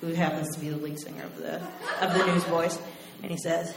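A woman from Oklahoma telling a personal story to a live audience, animated and acting out voices. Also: on the low side, brisk. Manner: animated, acts out voices and laughs. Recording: roomy live venue, faint noise.

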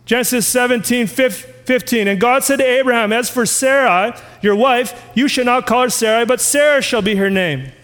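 A man with a strikingly high voice preaches a sermon. He reads scripture aloud and keeps putting questions to his listeners. His voice rings with a long reverb in a church hall. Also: normal speed, hardly any pauses, fairly bright tone. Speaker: pastor.

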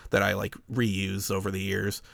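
A man's voice: deep voice, monotone, normal speed, creaky, fairly bright tone, no echo, studio quality. A man casually telling a story to a friend, swearing often and laughing as he goes.

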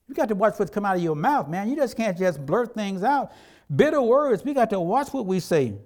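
A man's voice: high voice, very animated, moderate pace, a little mellow. A middle-aged man preaching a sermon as a pastor, in a conversational way, acting out quotes from everyday life.

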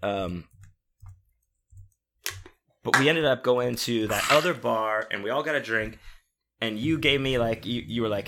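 A young man tells a rowdy bar story in casual conversation, swearing freely and acting out the other people's lines. His voice has a very bright, forward tone at an ordinary pitch. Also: moderate pace, pauses often, slight background noise. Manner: profane, animated storytelling with acted-out quotes.

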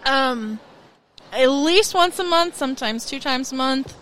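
A woman chatting as a podcast guest, with a bright, fairly high voice. She hedges and trails off, sounding modest about herself. An easy, casual conversation. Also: lively intonation, measured pace, slight background noise, low-quality recording. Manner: hesitant, hedging, self-deprecating. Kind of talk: casual chat.

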